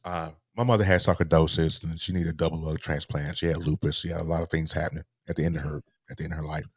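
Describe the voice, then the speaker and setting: A middle-aged man, softly telling a personal story as a podcast guest, halting and restarting as he speaks. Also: a bass voice, flat delivery, breathy edge, dry recording, clean studio sound. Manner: soft-spoken, halting, with repeated restarts.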